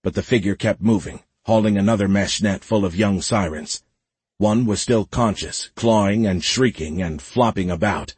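Man reading a story aloud, measured and even, husky and dry. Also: lowish voice, no room sound. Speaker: audiobook narrator. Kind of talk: scripted narration.

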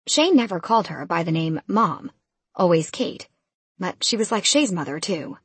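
A woman reading a novel aloud in first person, in a brisk, casual way. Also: lowish voice, sing-song, slightly rough, dry recording. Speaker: audiobook narrator.

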